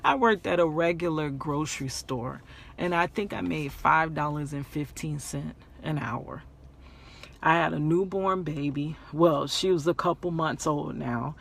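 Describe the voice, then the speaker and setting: A woman vlogger telling a personal story in a casual storytime way, animated, laughing often and repeating phrases for emphasis. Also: low voice, unhurried, creaky.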